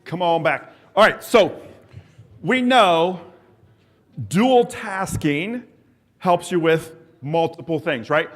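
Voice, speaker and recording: High-voiced enthusiastic man coaching a group. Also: takes it slowly, pauses often. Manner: enthusiastic, encouraging, coaxes the audience; calls out countdowns and cues to the group. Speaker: exercise coach presenting at a symposium. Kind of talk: live workshop presentation leading an exercise drill.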